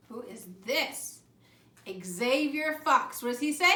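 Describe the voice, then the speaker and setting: A young woman teaching a preschool circle-time lesson. She talks in a sing-song, animated way and leads the children in call-and-response chants. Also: sits high, slow. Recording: roomy echo from a distant mic.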